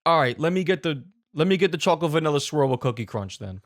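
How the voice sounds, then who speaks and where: Exasperated Italian guy at a coffee counter, put on by a man, loud, high and ranting. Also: animated, fast. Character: angry impatient Italian man ordering coffee.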